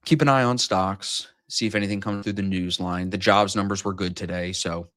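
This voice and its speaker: A man in his thirties hosts a live trading stream in loose, rambling banter. His voice sits low, and he jokes and swears freely as he talks. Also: fairly even intonation, moderate pace, fairly bright tone.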